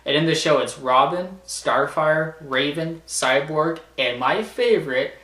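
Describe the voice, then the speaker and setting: A man's voice: on the high side, measured pace, pushed and bright. A man chatting casually on his vlog, rambling with lots of stammered restarts. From Canada. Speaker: vlogger. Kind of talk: casual chat, ranking TV shows. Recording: echoey room, mic at a distance.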